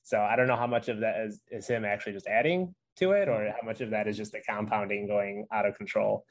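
A man with a lowish voice chats casually with a fellow creator. He rambles and stacks filler words as he goes. His delivery stays loose and easygoing throughout. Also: fast talker. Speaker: investing YouTuber. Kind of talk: casual conversation between creators.

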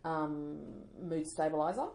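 A woman, co-hosting a casual chat show, wry and self-mocking and quick to laugh. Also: deep voice, steady tone, a little mellow. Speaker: podcast co-host. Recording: roomy echo.

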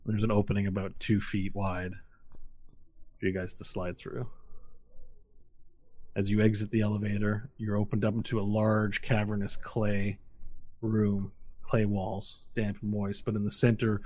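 A man's voice: on the low side, flat delivery, unhurried, pauses often, a little mellow. A man narrating as game master, describing scenes loosely with frequent filler phrases.

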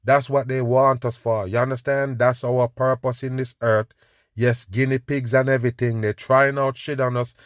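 A man with a mid-range voice and little pitch movement hosts a podcast, reacting to clips at a moderate pace. Scornful and preachy, he addresses his listeners as "people" again and again. The sound is studio quality without room sound.

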